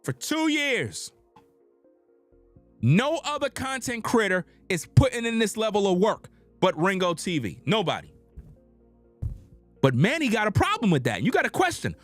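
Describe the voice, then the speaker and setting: A man's voice: high voice, huge pitch swings, normal speed, pauses often, faint music behind. A man hosting a heated commentary monologue, insistent and repetitive with preacher-like emphasis. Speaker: commentary channel host.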